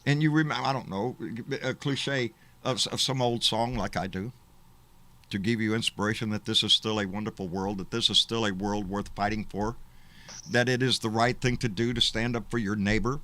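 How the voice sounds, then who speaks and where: Bright, emphatic man. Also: on the low side, steady tone, normal speed. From Texas. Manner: emphatic, rambling, swears freely. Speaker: host of a live political stream. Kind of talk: casual livestream talk.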